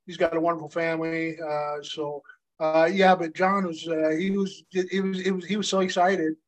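Flat-toned man in his fifties reminiscing. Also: a little high, normal speed, rough recording. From United States. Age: 50s. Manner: rambling, filler-heavy reminiscing. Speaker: co-host, former pro wrestler. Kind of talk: casual chat.

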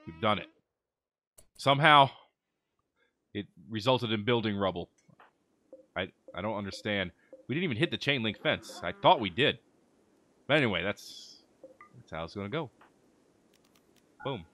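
Excitable man doing game commentary. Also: on the low side, moderate pace, long pauses, a little hiss or hum. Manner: excitable, chatty, talks to game characters. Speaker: gaming video host. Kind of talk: let's play commentary.

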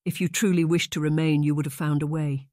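A man's voice: fairly high pitch, little pitch movement, fairly quick, a little mellow, dry recording, clean studio sound, close to an everyday voice. A man voicing a lovesick young marquis, earnest and pleading in formal old-fashioned speech. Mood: bitter.

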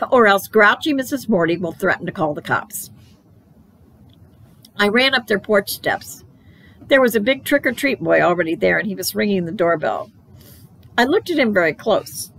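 A woman reading a children's book aloud for library storytime, in a playful, animated storytelling manner. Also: mid-range voice, creaky, slight background noise, low-quality recording.

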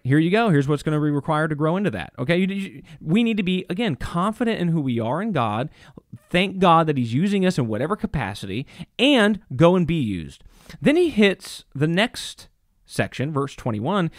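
Male pastor, fervent sermon, lively swooping pitch, fairly high voice, dry close sound. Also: dry recording. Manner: impassioned, emphatic, repeats phrases for stress.

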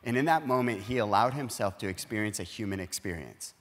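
A man's voice: fairly low pitch, lively intonation, fairly quick, in a large hall. A man speaking as a pastor in a conversational sermon, earnestly explaining and acting out everyday dialogue. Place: church auditorium.

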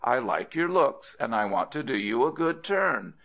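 A man's voice: medium pitch, sing-song, normal speed, muffled recording, voice pushed up. A man reading a storybook and voicing a big, dim, cunning male crocodile who talks in a wheedling, sweet-talking way.

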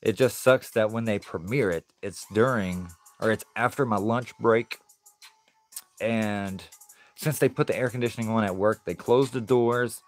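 A man's voice: fairly low pitch, measured pace, faint music behind. A man chatting casually on a live stream as he opens card packs, easygoing and laughing often.

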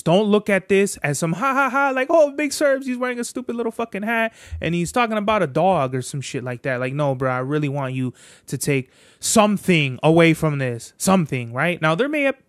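A man's voice: on the high side, no room sound, studio quality. Profane, slangy man hosting a podcast. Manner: profane, slangy, rambling storyteller. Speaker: podcast host. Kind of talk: casual podcast monologue.

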